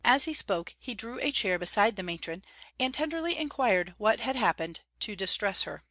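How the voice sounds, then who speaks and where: A woman reading a classic novel aloud as audiobook narration, measured and clear. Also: mid-range voice, animated, pushed and bright, no room sound. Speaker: audiobook reader.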